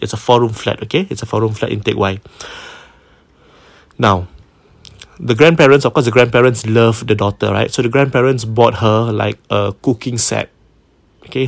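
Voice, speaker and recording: A man's voice: fairly low pitch, gravelly, no room sound. A man with a Singaporean English accent, hosting and retelling a listener's ghost story in a casual way, mixing in Malay words and acting out the quoted people.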